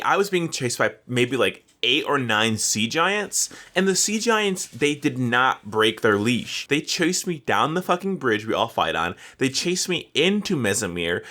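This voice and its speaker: A man's voice: medium pitch, sharp tone. A man co-hosting a gaming podcast, ranting animatedly in casual chat and swearing freely. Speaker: podcast co-host.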